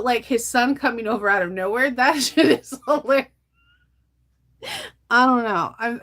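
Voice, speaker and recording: Sewing as she talks, a middle-aged woman vlogger keeps things casual in a voice on the high side with a fairly bright tone. Still recovering from an illness, she sounds tired, laughs a lot, and lets sentences trail off.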